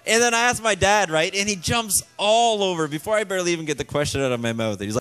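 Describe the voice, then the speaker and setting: A man with a slightly high voice emceeing a talent show on a cruise ship stage. He keeps up a joking, teasing showman patter, ribbing the contestants and setting up punchlines. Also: lively intonation, fast, few pauses, fairly bright tone, clear, resonant tone, faint music behind.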